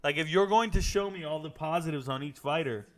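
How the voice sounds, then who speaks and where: A man's voice: a little high, brisk. A man reacting live to fight night in casual stream chat, joking, rambling and reading viewer comments aloud.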